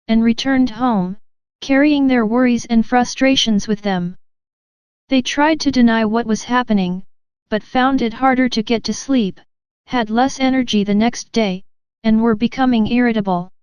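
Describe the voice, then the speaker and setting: A woman reading an audiobook aloud in a steady, even scripted narration. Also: fairly high pitch, clean tone, dry recording.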